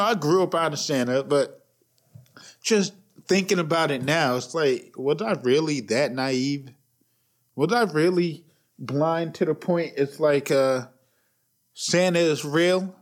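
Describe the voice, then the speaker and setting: A man in his thirties talks alone on his podcast, blunt and profane, chuckling at his own jokes. His voice sits a little higher than most men's. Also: slow pace. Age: 30s. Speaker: podcast host. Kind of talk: casual solo rant.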